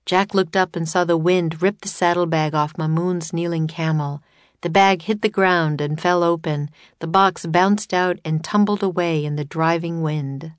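A woman narrating a children's chapter book in a steady, expressive reading. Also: lowish voice, normal speed, clear, resonant tone, no echo. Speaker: audiobook narrator. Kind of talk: scripted storybook narration.

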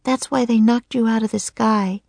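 A woman voicing a gentle, curious young girl in a storybook reading. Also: fairly high pitch, steady tone, moderate pace, vocal fry, no echo, pitched above the performer's own voice. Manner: gentle, coaxing.

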